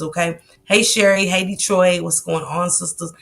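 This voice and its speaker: A woman with a fairly low, gravelly, slightly bright voice hosts a casual livestream at normal speed, talking loosely into her computer mic. Between sentences she greets chat viewers by name, and her conversation is full of fillers and asides.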